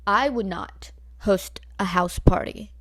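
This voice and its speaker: A woman's voice: medium pitch, takes it slowly, a bit bright. A nineteen-year-old woman from Northern California, ranting bluntly at home into her laptop mic, swearing freely and filling her talk with likes and rights. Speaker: vlogger. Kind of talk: casual ranting storytime. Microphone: laptop built-in mic.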